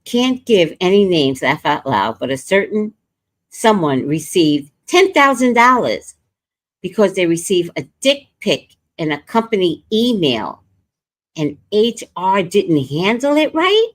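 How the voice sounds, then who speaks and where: A woman's voice: medium pitch, measured pace. A woman hosting a casual livestream, telling brash, profane stories and chatting with viewers. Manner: brash, profane, animated storytelling. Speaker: livestream host and reader. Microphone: streaming setup.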